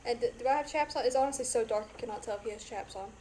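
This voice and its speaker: A woman's voice: a little high, racing, warm tone, a little hiss or hum. A young woman casually commenting on her game and joking with viewers during a live stream. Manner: playful, joking, chatting to viewers.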